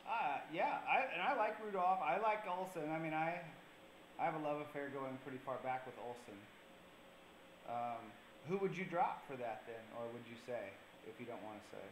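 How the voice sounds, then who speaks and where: A man's voice: a little high, moderate pace, echoey room, a little hiss or hum, poor audio. A man co-hosting a fantasy football show on public access TV, talking casually and rambling with fillers. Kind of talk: casual chat. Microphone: on camera.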